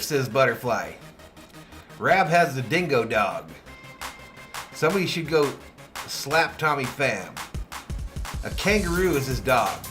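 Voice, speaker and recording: A man hosting a fan watch party, calling the plays and joking with his chat. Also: mid-range voice. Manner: animated, jokey, reads chat names aloud. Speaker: fan host doing play-by-play. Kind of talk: live game call and chat reading.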